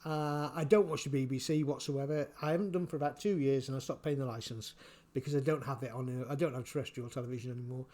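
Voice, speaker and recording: A man giving casual spoken commentary, halting and repeating his words, chuckling often. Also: mid-range voice, steady tone, a little mellow. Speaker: vlogger.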